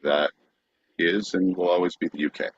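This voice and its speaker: A man with a fairly low voice co-hosts a comedy podcast, playful but halting, often pausing on fillers. The recording sounds dull and lo-fi. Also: fairly even intonation, a little hiss or hum. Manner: playful, hesitant, many uhs. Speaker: podcast co-host. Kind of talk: casual comedic chat. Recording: dull lo-fi audio.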